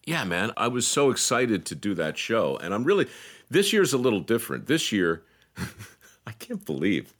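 Deep-voiced man telling lively stories. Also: normal speed. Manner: storytelling, mimics voices, laughs often. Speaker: podcast co-host. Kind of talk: casual chat.

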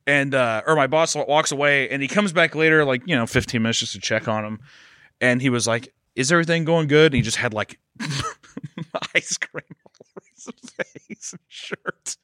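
A man on a comedy podcast, spinning loose stories with lots of swearing and quick voice impressions. He has a mid-range pitch, and his voice is recorded dry and close on a studio mic. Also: dry recording. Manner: animated storytelling, swears freely, puts on voices for people. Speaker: podcast co-host. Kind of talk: casual comedic chat.

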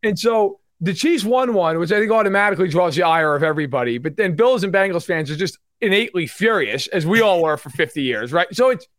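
Lively high-voiced man talking football. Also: fast, few pauses, dry recording, studio quality. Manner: animated, acts out fans in loud mock voices. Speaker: podcast co-host. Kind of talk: casual sports chat.

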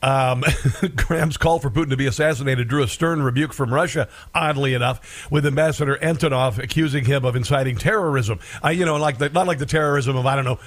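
A man's voice: mid-range voice, fairly quick. A man hosting a political commentary show, sarcastic and rambling, with many filler sounds.

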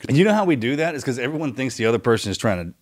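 A man co-hosting a casual interview, chatty and quick to jump in with remarks. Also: mid-range voice, very animated. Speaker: co-host. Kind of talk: casual chat.

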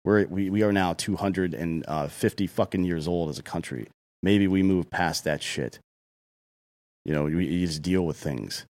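Deep-voiced blunt man ranting. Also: normal speed, a little mellow. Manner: blunt, heated, swears often. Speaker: podcast co-host. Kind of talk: casual profane opinion talk.

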